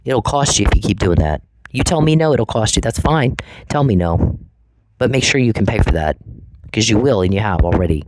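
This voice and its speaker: Man, angry rant, low voice, profane and taunting, confrontational. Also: expressive, fairly quick, darkish tone, dry recording, poor audio. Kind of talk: angry ranting monologue.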